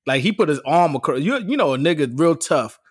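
A man's voice: fairly high pitch, lively intonation, fairly quick, breathy edge, no echo. A man with a slightly raised voice tells stories on a casual podcast. He acts out the quotes and laughs a lot. The sound is close and dry, with no room around it. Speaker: podcast co-host. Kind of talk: casual storytelling banter.

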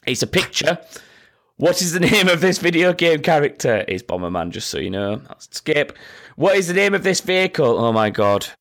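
A man's voice: fairly high pitch, big pitch swings, moderate pace, fairly bright tone. A man hosting a casual quiz with friends, reading out questions and making sarcastic, sweary asides. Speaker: quizmaster.

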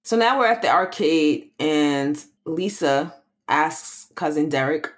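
Low-voiced woman, measured and explanatory. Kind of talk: casual chat recapping a film.

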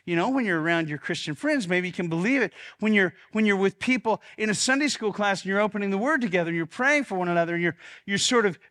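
A man's voice: high voice, animated, quick pace, few pauses, fairly bright tone. A man preaching a sermon as pastor, earnest, often repeating words as he restarts, and leading the congregation in spoken confessions.

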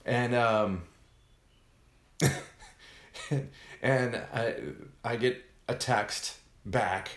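Very slow and full of long pauses, a medium-pitched male voice tells a humorous story casually on a podcast. The recording has an echoey room sound, and he's lively, laughing frequently and acting out people's words.

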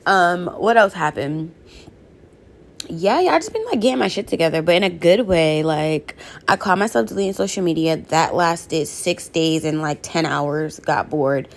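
A woman's voice: on the low side, normal speed, gravelly. A young woman hosting a podcast, giving a blunt, profane, chatty motivational monologue straight to her listeners. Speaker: podcast host.

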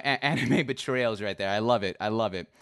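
A man's voice: fairly low pitch, brisk, fairly bright tone, clear, resonant tone, dry recording, clean studio sound. A man in his twenties hosting a casual chat, teasing his guest and reading messages aloud with mock drama. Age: 20s. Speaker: host.

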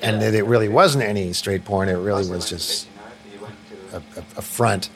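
A man's voice: fairly low pitch, normal speed. A man in an interview, telling frank personal stories in a loose, colloquial way. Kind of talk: candid personal storytelling.

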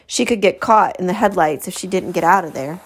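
A woman teacher reading a children's novel aloud to a class, expressive and stopping to correct her slips. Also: fairly low pitch, a little fast, husky.

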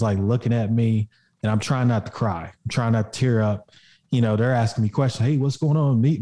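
A young adult man with a warm tone and a lowish voice shares a personal story on a podcast, where he's a guest. He works as a fitness coach and talks casually, leaning on fillers and swearing now and then.

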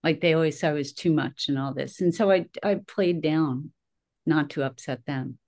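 A middle-aged woman with a notably low voice talks casually on a podcast. She tells stories about herself with lively energy and often laughs at her own expense. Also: moderate pace. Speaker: podcast host.

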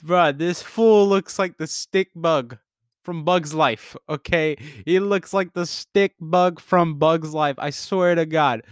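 Young male podcaster, unhurried and foul-mouthed, cracking up as he tells it, dry close sound. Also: on the high side, smooth, dry recording. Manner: profane, laughs constantly through his story. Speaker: podcast host. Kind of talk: casual comedic storytelling.

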